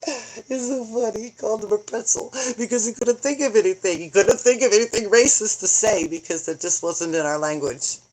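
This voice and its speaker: A woman's voice: medium pitch, fairly quick, darkish tone. A middle-aged woman chatting casually on a livestream, joking, rambling and answering viewer comments as she goes. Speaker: vlogger, grandmother. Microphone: phone.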